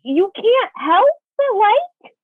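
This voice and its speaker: High-voiced woman cohost, chatty, keeps cutting herself off, tinny phone-like earbud audio, dry. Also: very animated, takes it slowly, no room sound. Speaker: podcast co-host. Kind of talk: casual podcast chat. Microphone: wireless earbuds on a video call.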